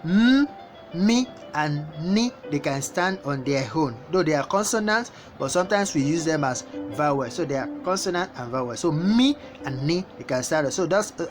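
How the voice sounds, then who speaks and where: A woman teaching a language lesson, repeating each word slowly as she goes. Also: low voice, sing-song. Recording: guitar music playing behind the voice.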